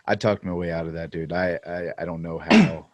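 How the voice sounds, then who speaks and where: A man's voice: low-pitched, steady tone, moderate pace, lo-fi sound, slight background noise. A man co-hosting a podcast, telling laid-back stories in casual chat. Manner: laid-back storytelling, says "dude". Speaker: podcast co-host.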